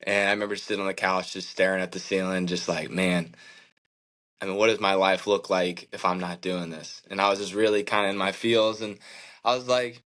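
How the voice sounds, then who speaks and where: A man's voice: deep voice, level tone, fairly quick, a bit bright, rough recording. A man in his thirties, a professional athlete as interview guest, telling his story earnestly and reflectively, with many fillers like "like" and "man". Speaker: professional baseball pitcher, guest.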